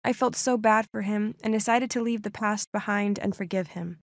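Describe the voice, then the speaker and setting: A woman's voice: medium pitch, fairly even intonation, normal speed, no echo, clean studio sound. A young woman narrating a dramatic first-person story with lots of exclamations.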